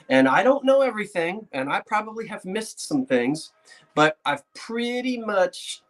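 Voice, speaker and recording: Excitable chatty man vlogging about antiques. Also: a little high. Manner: chatty, excitable, laughs often, talks to himself. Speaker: antiques dealer. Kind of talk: casual vlog talk to viewers.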